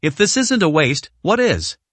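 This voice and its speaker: A man voicing a stubborn, greedy older mother who scolds her daughter in an indignant, shrill tone. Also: big pitch swings, moderate pace, fairly bright tone, no room sound.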